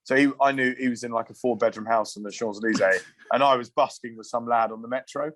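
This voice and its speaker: A man in his thirties telling loose, animated rugby stories in casual podcast chat. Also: mid-range voice, fast talker, slight background noise. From England. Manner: animated, swearing anecdotes with asides and restarts. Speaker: guest, former rugby player.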